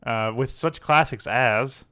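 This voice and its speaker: A man's voice: mid-range voice, slow pace, sharp tone, clear, resonant tone. A young man co-hosting a casual gaming podcast, joking and laughing as he rambles. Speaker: podcast co-host.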